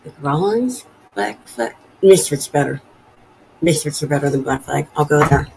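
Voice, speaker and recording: A woman's voice: deep voice, expressive, normal speed, vocal fry, noisy background. A woman in her forties hosting a casual live stream from home, rambling and chatty as she reads viewer comments aloud. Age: 40s. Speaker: livestream host.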